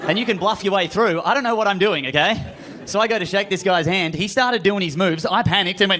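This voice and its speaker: A man's voice: sits high, a little fast. An Australian man doing a stand-up comedy set on a club stage, self-mocking and acting out the voices in his stories. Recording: live club audience and room noise.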